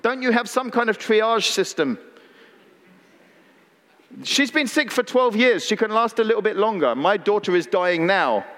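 A man's voice: high-pitched, lively intonation, a little slow, pauses often, a bit bright. A preacher voicing an impatient, anxious father and synagogue leader who pleads and pushes in exasperation. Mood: exasperated. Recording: long reverb in a large hall.

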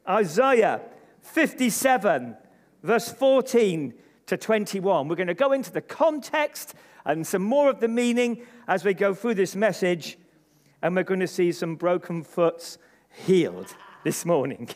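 A man's voice: high voice, lively intonation, measured pace. A male pastor preaching an emphatic sermon to a congregation, leading them in call-and-response. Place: church service before a congregation. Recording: long reverb of a large hall.

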